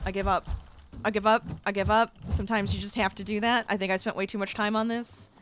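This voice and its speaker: A woman's voice: mid-range voice, flat delivery, quick pace, fairly bright tone, a little hiss or hum. A young adult woman streaming a game, chatting casually with her viewers and getting exasperated as she plays. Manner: chatty, talks to chat, gets exasperated. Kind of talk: casual gameplay livestream chat.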